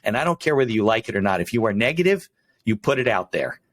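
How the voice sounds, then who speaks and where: A male podcast host with a lowish voice chats casually with his guest. He drops in short affirmations and thinks out loud at length. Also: very animated, quick pace, slight background noise. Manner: frequent short affirmations, reflective musing. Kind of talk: casual interview chat.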